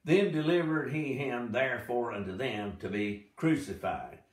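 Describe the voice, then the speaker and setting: A man teaching a Bible study, reading scripture aloud slowly and dramatically, with short explanatory asides. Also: mid-range voice. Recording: echoey room, mic at a distance.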